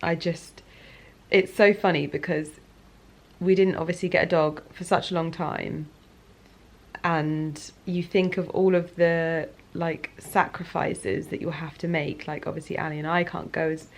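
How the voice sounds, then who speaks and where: A woman's voice: low voice, level tone, a little slow, vocal fry. A woman in her thirties chatting reflectively to camera from her living room sofa at night, confiding and full of fillers. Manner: soft, confiding, many "like" fillers. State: emotional, near tears. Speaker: lifestyle vlogger. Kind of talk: casual reflective chat.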